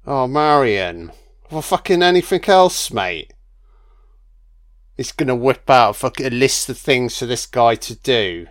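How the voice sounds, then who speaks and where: A man's voice: medium pitch, big pitch swings, measured pace. A man giving casual, sardonic film commentary full of swearing and jokey asides.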